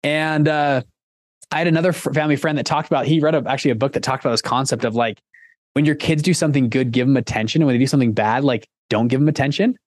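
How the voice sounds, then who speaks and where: A man's voice: medium pitch, fairly even intonation, fast talker, dry recording. A young man chatting as a podcast guest, telling stories in a loose, rambling way full of restarts and fillers. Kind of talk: casual podcast conversation.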